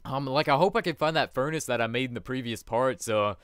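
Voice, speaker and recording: A man's voice: medium pitch, a little fast, a bit bright, smooth, dry recording. Young man, gaming commentary, chatty and rambling, resonant voice, dry close sound. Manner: chatty, rambling, talks to himself and viewers, laughs often. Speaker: let's play host.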